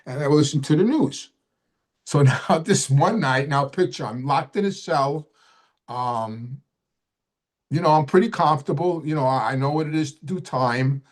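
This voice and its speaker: A man's voice: a little high, normal speed. Rambling middle-aged man telling a story. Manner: rambling, repeats himself, swears casually. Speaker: host of a live question show. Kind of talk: casual storytelling to camera.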